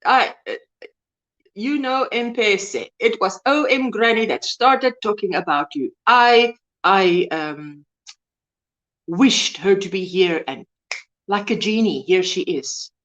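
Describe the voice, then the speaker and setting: A woman's voice: medium pitch, slow, fairly bright tone. A woman hosting a casual live-stream chat, greeting viewers and reading their comments aloud. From South Africa. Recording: dull lo-fi stream audio.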